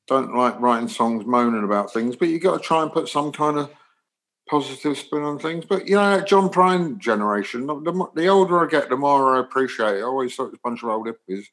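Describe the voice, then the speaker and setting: Older English musician guest, chatty storyteller with animated delivery. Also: male voice, mid-range voice, brisk, poor audio. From England. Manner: animated anecdotes, acts out dialogue. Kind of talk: storytelling interview.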